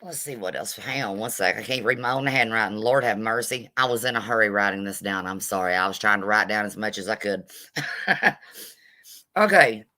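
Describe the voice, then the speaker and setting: Blunt, sassy woman with a bright voice. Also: rumbling low, brisk. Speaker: vlogger. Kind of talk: live commentary rant, greeting viewers.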